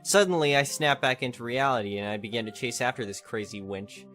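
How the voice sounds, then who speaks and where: A man's voice: medium pitch, fairly quick, a bit bright, soft background music. Man reading an online story aloud. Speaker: story narrator. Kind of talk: scripted narration of an online story.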